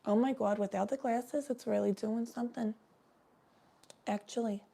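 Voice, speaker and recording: A woman's voice: on the high side, steady tone, moderate pace, gravelly, dark tone, breathy edge. A woman chatting casually on a live stream, giving a tarot reading in a rambling, swearing way.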